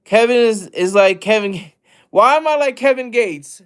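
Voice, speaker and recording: A man with a high-pitched voice hosts a casual livestream. He rambles with a lot of energy, restarts his sentences and keeps breaking off to talk to the chat. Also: expressive, normal speed, clean tone. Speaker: livestream host.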